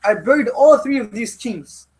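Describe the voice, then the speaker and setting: A man's voice: very high-pitched, lively intonation, normal speed, darkish tone, low-quality recording. A man voicing a dying older caliph who gives solemn last instructions and repeats himself for emphasis.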